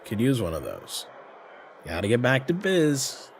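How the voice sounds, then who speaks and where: A man's voice: medium pitch, huge pitch swings, measured pace, vocal fry, slight background noise. A man streaming a role-playing game, reading its text aloud and chatting wryly. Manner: wry, casual, reads game text aloud. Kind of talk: let's play narration with character voices.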